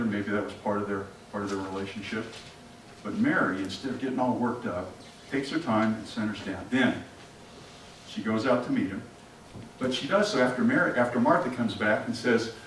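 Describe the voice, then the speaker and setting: Animated man preaching in an echoey church. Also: fairly low pitch, normal speed, slight background noise. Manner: animated, asks the congregation questions and acts out scenes. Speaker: pastor. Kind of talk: interactive sermon. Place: church sanctuary. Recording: echoey church from a distant mic.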